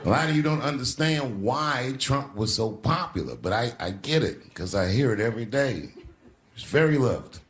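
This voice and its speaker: A man telling stories on a stage, his pitch swinging widely as he acts out other people's voices. His voice carries a long reverb from a large hall, with faint ambience behind it. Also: expressive, normal speed, a little hiss or hum. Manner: conversational storytelling, acting out other voices. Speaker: stand-up comedian. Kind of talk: stand-up comedy set. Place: theater stage.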